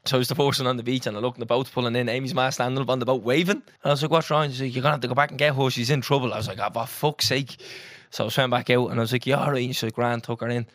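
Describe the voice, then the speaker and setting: A young Irish man co-hosting a podcast, telling a story in an animated, sweary, casual way. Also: medium pitch, rapid-fire, dry recording, clean studio sound. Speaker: podcast co-host. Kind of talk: casual chat.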